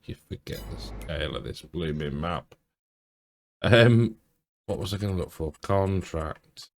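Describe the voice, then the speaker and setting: A man's voice: deep voice, unhurried. A man giving casual let's-play commentary, thinking aloud and chuckling to himself. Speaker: game streamer.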